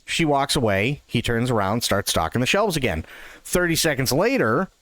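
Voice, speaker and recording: A man live-streaming a game, chatting casually and telling jokes in a profane, expressive way into a close microphone. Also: mid-range voice, normal speed, no echo.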